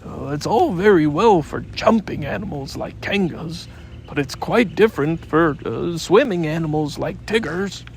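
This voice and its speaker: A man's voice: on the high side, animated, measured pace, a little hiss or hum. A man voicing a bouncy male tiger who talks to himself with nervous hesitation.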